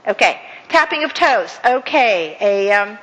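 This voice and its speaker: A woman speaker leading an audience through a counting and clapping exercise, with many fillers and warm praise. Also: mid-range voice, sing-song, a little slow. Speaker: guest speaker. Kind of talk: interactive workshop talk. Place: event hall with audience. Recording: echoey hall with faint ambience.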